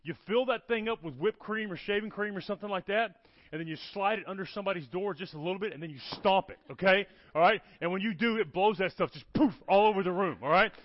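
High-voiced preacher, dull lo-fi sound. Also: male voice, dry recording. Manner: animated, keeps checking in with "okay? all right?". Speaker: guest preacher. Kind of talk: storytelling sermon.

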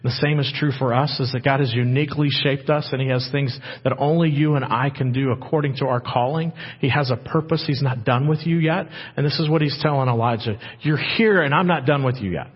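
A man's voice: medium pitch, steady tone, a little fast, few pauses, slightly rough. A man preaching a dramatic sermon as a pastor, acting out God's words in quoted lines. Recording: muffled with long hall reverb.

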